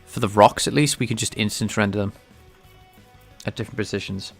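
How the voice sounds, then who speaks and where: A man livestreaming game development, thinking aloud in a halting way with many restarts. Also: fairly low pitch, fairly even intonation, creaky, fairly bright tone, soft background music. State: sneezing, a bit stuffy. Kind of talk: casual livestream coding talk.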